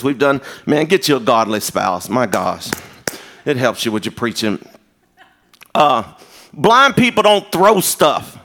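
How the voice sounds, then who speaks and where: Texan male pastor, sermon, bright and forceful, swinging pitch, higher than most men. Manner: animated storytelling with shouted quotes.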